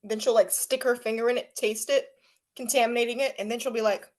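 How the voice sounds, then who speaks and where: A woman's voice: fairly high pitch, fast. A young woman co-hosting a podcast, chatty, packing her talk with "like" and acting out voices when she quotes people. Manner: chatty, many "like" fillers, animated when quoting. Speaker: podcast co-host. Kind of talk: casual chat.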